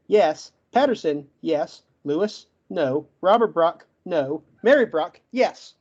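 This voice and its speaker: A man with a stutter giving a brisk, emphatic closing argument as a guest in an online debate, listing facts one after another. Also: sits high, darkish tone, lo-fi sound. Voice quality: stutters, gets stuck on words.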